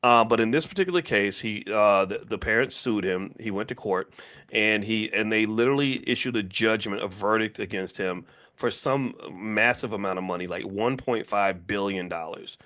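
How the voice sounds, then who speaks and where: A man in his fifties with a fairly low voice lectures casually on finance, pressing his points through repetition. He keeps throwing rhetorical questions at the listeners, in an emphatic, conversational way. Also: moderate pace, a bit bright. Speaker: finance educator and commentator.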